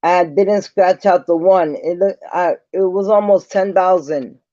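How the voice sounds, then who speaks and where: A man's voice: high-pitched, unhurried, warm tone, no room sound. A man vlogging an angry, profane rant straight to the camera, repeating himself as he confronts someone. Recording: dull lo-fi sound.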